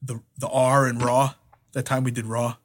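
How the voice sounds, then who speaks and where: A man co-hosting a podcast, telling old wrestling stories in a profane, animated way and imitating other people as he goes. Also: medium pitch, moderate pace, husky. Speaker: podcast co-host, former wrestler. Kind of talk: casual storytelling chat.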